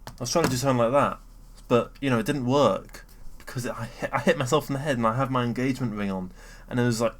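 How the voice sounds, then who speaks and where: Rambling, sweary young British man. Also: quick pace. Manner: rambling and sweary, with frequent fillers and self-interruptions; excitable, often jumping up in pitch and loudness. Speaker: vlogger. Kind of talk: casual rambling rant.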